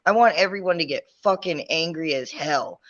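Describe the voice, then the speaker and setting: A man on a livestream talk show, ranting in anger and swearing hard at every turn. His voice sits a little high for a man. It comes through muffled, lo-fi stream audio. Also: expressive, moderate pace, fairly bright tone. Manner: angry, ranting, heavy swearing. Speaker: podcast co-host. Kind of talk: heated livestream discussion.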